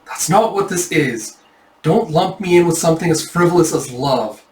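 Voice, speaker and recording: A man's voice: a little high, lively intonation, normal speed, a little hiss or hum, voice pushed up, close to an everyday voice. A brooding young nobleman, sunk in guilt and self-pity, as a man reads him out with a slightly raised voice. It comes across like a storybook reading. The sound is roomy and a bit distant from the mic. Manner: mopey, self-pitying. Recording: echoey room, mic at a distance.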